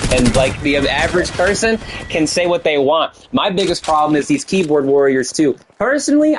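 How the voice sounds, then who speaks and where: A man's voice: a little high, noisy background. A man from the United States giving a heated, profane political rant in a blunt, agitated way.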